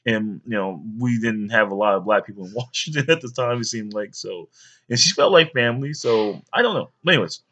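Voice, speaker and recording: A man's voice: medium pitch, expressive, brisk, fairly bright tone. A man in his thirties, a father rambling through a childhood story for his young sons, with many fillers. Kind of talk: storytelling home video.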